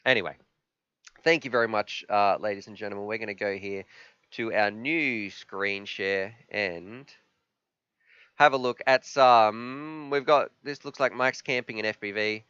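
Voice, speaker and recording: A man hosting a live stream, chatting casually and reading chat messages aloud, sometimes halting with emotion. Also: lowish voice, sharp tone, clear, resonant tone, no echo. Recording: slightly dull, dry sound.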